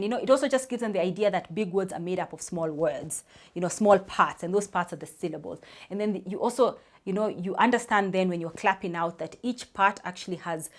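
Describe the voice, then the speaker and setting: Explaining reading tips to parents in a chatty style, this woman in her thirties works as a speech therapist, spells out sounds, and says "you know" a lot. Her voice is on the low side.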